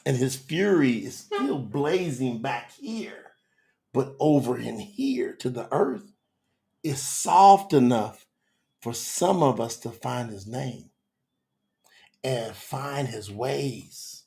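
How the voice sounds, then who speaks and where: A man's voice: medium pitch, animated, slow, vocal fry, a little mellow. A man teaching scripture on a live stream with fervent, preacherly passion, talking straight to his chat viewers.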